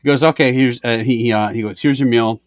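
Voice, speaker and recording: A man's voice: mid-range voice, steady tone, quick pace, dry recording, clean studio sound. A man co-hosting a podcast, telling a story in casual chat, acting out both sides and swearing freely. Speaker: podcast co-host.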